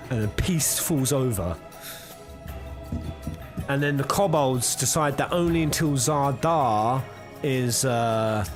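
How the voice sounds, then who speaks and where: A young man streaming a game, chatting casually, teasing himself and laughing often. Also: medium pitch. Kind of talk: live let's-play commentary. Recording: game music underneath.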